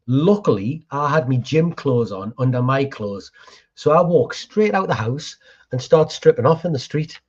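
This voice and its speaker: A man hosting a podcast, telling lively, slangy anecdotes about his pest control jobs. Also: medium pitch, normal speed, highs cut off. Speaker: podcast host, pest control business owner. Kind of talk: casual storytelling chat.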